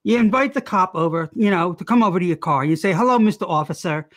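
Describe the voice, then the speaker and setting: A woman's voice: lowish voice, lively intonation, quick pace. A woman improv performer on a video call, rambling through meandering tangents in an improvised comedy rant.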